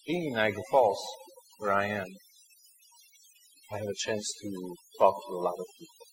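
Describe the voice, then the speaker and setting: A man, a priest, preaching in a sermon, telling a story in an earnest, reflective way that drops to hushed tones at times. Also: on the low side, moderate pace, slight background noise, poor audio.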